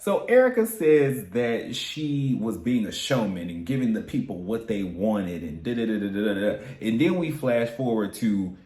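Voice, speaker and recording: A man's voice: fairly low pitch, animated, moderate pace, few pauses, darkish tone. A man giving a casual, sassy recap of a reality TV episode, campy and profane, with big swoops in his voice. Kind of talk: casual commentary. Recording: echoey room.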